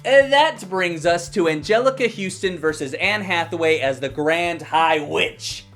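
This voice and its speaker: A man's voice: a little high, measured pace, a bit bright, soft background music. A young man giving a heated, profane rant as a movie reviewer, sounding exasperated and blunt.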